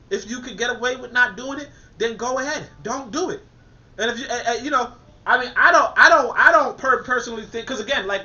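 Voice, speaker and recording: A man giving a casual spoken commentary in an animated way, restarting phrases and saying "you know" often. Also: very high-pitched, lo-fi sound.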